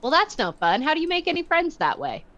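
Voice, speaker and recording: A woman's voice: sits high, wildly swooping pitch, fast, fairly bright tone, lo-fi sound. A woman playing a tabletop game, chatty and teasing. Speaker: player.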